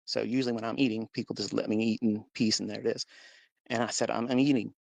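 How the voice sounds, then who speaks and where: A man's voice: on the low side, flat delivery, fast talker, creaky. A man hosting a live audio podcast, telling an emotional personal story and acting out the dialogue with big jumps in his voice. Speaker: podcast host.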